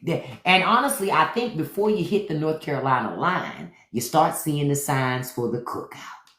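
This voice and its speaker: A man's voice: on the high side, moderate pace, reverberant. A man from Washington, D.C., a podcast host, riffing and swearing freely in casual livestream chat. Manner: animated, profane riffing.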